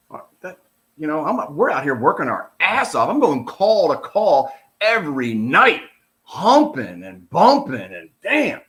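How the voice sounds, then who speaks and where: A man's voice: a little high, a little slow. A middle-aged man, a retired police officer, giving casual, blunt and profane commentary while reading through a report. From United States. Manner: blunt, profane, animated and heated.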